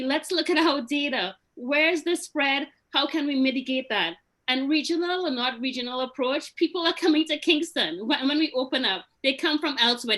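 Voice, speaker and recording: Woman business owner, high and bright, frustrated pleading meeting remarks. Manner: frustrated, pleading, many restarts.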